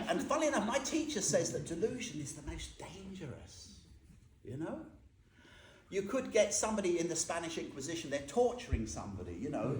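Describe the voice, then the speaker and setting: A man giving an informal, humorous Buddhist talk, quizzing his listeners as he goes. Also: fairly high pitch. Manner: chatty and humorous, asks the audience questions. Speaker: Buddhist teacher. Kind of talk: informal dharma talk to a group. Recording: echoey room with faint noise.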